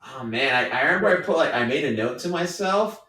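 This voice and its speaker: A laid-back young man from California, chatting loosely and joking as a podcast co-host. His voice sits at an ordinary middle pitch, and the recording carries a noticeable room echo. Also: expressive, fast talker, pushed and bright, slight background noise. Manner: laid-back, rambling, jokey. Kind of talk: casual comedic chat. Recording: echoey room.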